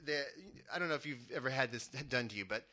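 Guy telling a funny story from his childhood, really bright voice, keeps laughing at himself. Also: medium pitch, quick pace. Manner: animated, chuckling through his own story. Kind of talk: personal storytelling to an audience.

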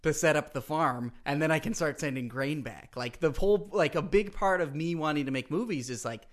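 Male podcast co-host, slightly high voice, earnest and chatty, laughs a lot. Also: brisk. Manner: earnest, laughs often, talks in bursts with "like". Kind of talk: casual podcast banter.

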